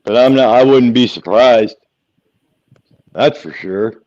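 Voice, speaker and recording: A man in a casual chat, hesitant and halting. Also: mid-range voice, a little mellow, dry recording, highs cut off.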